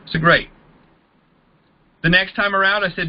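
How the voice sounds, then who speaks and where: A casual man coaching network marketing recruiters, voicing both sides of the conversations he walks through. His voice sits high for a man. The recording sounds a bit dull and lo-fi. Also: a little fast, pauses often. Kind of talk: training talk to a group.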